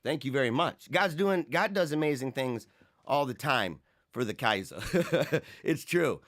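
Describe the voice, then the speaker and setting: A man's voice: medium pitch, animated, unhurried, fairly bright tone. A man hosting a livestream show, chatting casually, rambling, mocking and laughing often as he reads viewer comments. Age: adult, married with young children.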